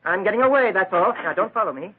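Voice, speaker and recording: A man's voice: sits high, animated, fast, breathy edge, narrow, tinny audio. An actor playing a flustered middle-aged male crook who stammers and turns defensive, from an old radio broadcast. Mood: panicky. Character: panicky middle-aged male art collector turned crook.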